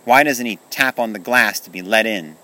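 A man voicing a hurt, hot-tempered young boy in a storybook reading, shouting and tearful. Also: on the low side, moderate pace, voice pushed up. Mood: earnest.

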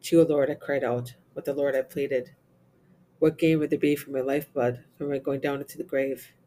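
A man reciting the Divine Office, reading psalms and lessons in English with Latin responses, in a steady, even recitation. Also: mid-range voice, brisk, a little hiss or hum. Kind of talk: reciting liturgical prayer and psalms.

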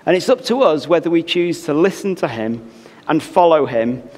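A man's voice: on the high side, lively intonation, moderate pace, a little mellow. A man preaching a sermon as pastor, earnestly urging the congregation. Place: church. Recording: reverberant church with music behind.

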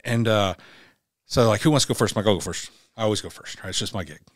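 A man's voice: lowish voice, fast talker, no echo, clean studio sound. A middle-aged man, a former Navy SEAL, speaking as a podcast guest. He tells a personal story candidly and bluntly, with profanity, and acts out the dialogue he quotes.

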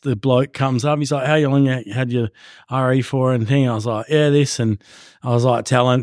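A man, a podcast guest chatting casually and telling animated, profanity-filled stories. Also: mid-range voice, dry recording, clean studio sound. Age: 40s. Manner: swears a lot, animated storyteller acting out quotes. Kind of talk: casual chat.

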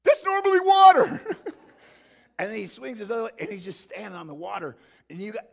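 High, gravelly pastor preaching. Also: male voice, fast. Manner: animated, acts out the disciples in playful voices. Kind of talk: sermon.

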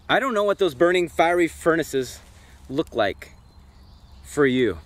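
A man's voice: a little high, animated, moderate pace. A man giving a devotional Bible study outdoors by a campfire, speaking earnestly and reflectively and putting direct questions to his listeners. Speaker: Bible teacher.

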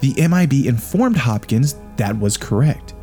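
A man's voice: medium pitch, animated, normal speed, mellow, soft background music. A man co-hosting a casual podcast, reading a strange account aloud and rambling with crude jokes and laughter. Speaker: podcast co-host.

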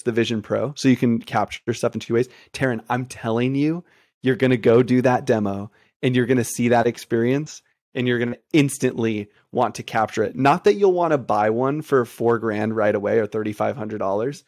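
A man's voice: medium pitch, moderate pace, a little mellow, dry recording. Guy in his 30s hyping something up on a podcast, super eager, dry room. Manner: enthusiastic, persuasive. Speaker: podcast co-host. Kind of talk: casual chat.

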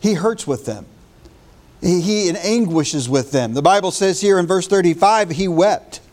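A male pastor delivering a morning sermon. His voice sits a little high for a man, and he talks in an earnest way, restarting words as he retells scripture and reads it aloud. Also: lively intonation, a little slow, darkish tone.

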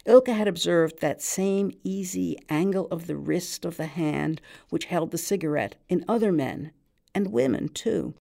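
Gravelly woman reading a story. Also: on the low side, mellow. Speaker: reader of a short story. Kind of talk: literary reading.

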